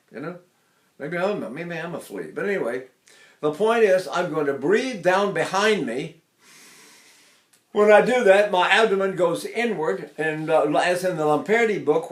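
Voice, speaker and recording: A man's voice: sits high, roomy sound. A man in his eighties teaching vocal technique, breaking into sung syllables to demonstrate. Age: 80s.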